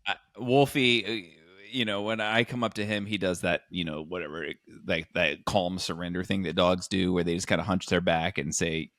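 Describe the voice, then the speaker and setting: A man co-hosting a comedy podcast, telling a rambling, animated story in casual chat. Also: low voice, moderate pace, few pauses, no room sound, studio quality. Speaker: podcast co-host.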